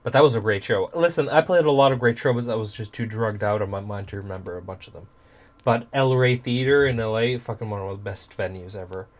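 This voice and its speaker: A man's voice: on the low side, a little fast. Loose, profane man chatting on stream. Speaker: music producer streaming from his studio. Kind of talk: casual live stream chat.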